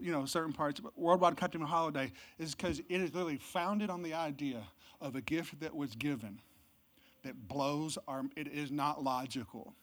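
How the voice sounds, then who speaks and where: A pastor preaching a Christmas sermon, swinging from loud, emphatic exclamations to low, hushed delivery. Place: church service.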